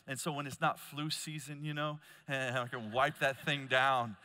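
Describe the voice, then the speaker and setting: A man preaching at a conference, telling stories with loud emphatic bursts and quiet low asides. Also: little pitch movement, normal speed, smooth. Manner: storytelling, swings between loud emphasis and hushed low asides. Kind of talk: conference sermon. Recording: long hall reverb.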